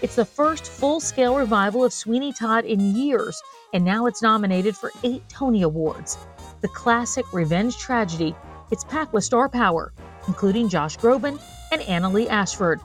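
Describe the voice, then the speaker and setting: A woman's voice: fairly high pitch, expressive, moderate pace, soft background music. A woman host giving a polished, upbeat scripted introduction. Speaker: show host.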